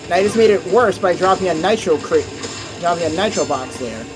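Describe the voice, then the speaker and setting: An excitable young man giving casual, chatty commentary while playing a racing game, cursing at mishaps. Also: sits high, brisk. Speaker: gameplay commentator. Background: game music.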